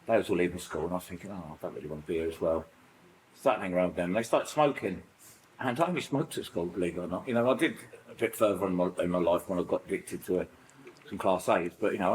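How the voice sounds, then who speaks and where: A middle-aged British man with a British accent, sharing childhood stories in a recovery group, rambling and animated with lots of fillers. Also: on the low side, fast, a little hiss or hum, low-quality recording. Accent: British English. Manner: rambling, animated storytelling full of fillers and acted-out quotes. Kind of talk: personal sharing in a support group.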